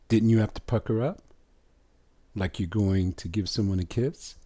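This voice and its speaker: A man teaching pronunciation in a slow, deliberate way, drawing sounds out and putting rhetorical questions to his listeners. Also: fairly low pitch, warm tone. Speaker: religious teacher.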